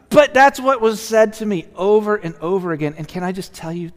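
A man preaching a sermon as a pastor, earnest and conversational, often restarting and dropping to a hush. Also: on the high side, big pitch swings, a little fast, few pauses. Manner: earnest, conversational, with many restarts and sudden soft drops. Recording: long hall reverb.

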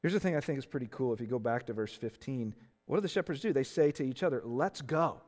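A man's voice: medium pitch, expressive, quick pace, mellow, big-room sound. A man preaching a conversational sermon as a pastor, earnest, often restarting phrases and checking in with "right?". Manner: earnest, with frequent restarts and tag questions.

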